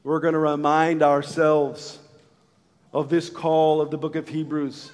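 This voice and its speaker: A middle-aged man preaching a sermon as pastor, earnest, moving from loud calls to hushed, intimate lines. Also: fairly high pitch, flat delivery, unhurried, big-room sound. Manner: acts out voices in a story.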